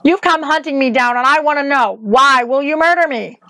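A bitter, cornered witch speaks in a sharp, scornful voice that threatens, as a woman reading aloud puts her on. The voice sits slightly high. It is recorded close and dry. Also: normal speed, dry recording. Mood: accusing.

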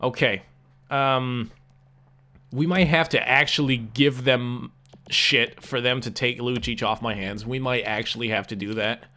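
A man's voice: medium pitch, steady tone, a little slow, sharp tone. A young man giving casual gameplay commentary as a gaming YouTuber, frustrated and swearing, repeating himself with lots of fillers.

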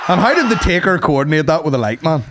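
A young man co-hosting a podcast, loud and crude, laughing through banter. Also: a little high, very animated, fast talker, background noise. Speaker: podcast co-host. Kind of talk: casual podcast chat.

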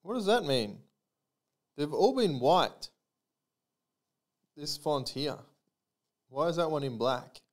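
A man's voice: a little high, sing-song, slow, long pauses. A man hosting a live trading card break, calling out player names and serial numbers with chatty asides to his viewers.

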